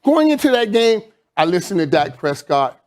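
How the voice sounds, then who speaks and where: A man's voice: high voice, sing-song, moderate pace, darkish tone. A man on a sports debate panel, giving confident, emphatic analysis of a football win.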